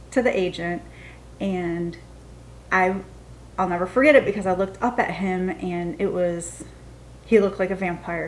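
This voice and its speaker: A woman's voice: mid-range voice, a little hiss or hum. A woman in her thirties from the United States, telling a story in a casual, chatty way and acting out the quotes. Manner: chatty, animated, acts out the quotes. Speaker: storytime vlogger.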